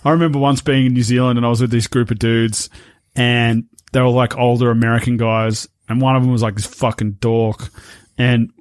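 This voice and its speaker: A man talking loosely as a podcast guest, cursing freely and wandering from story to story. His voice is mid-pitched and sits close and dry, with no room sound around it. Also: little pitch movement, a little fast, clean tone, no echo. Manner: swears a lot, rambling storyteller. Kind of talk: casual chat.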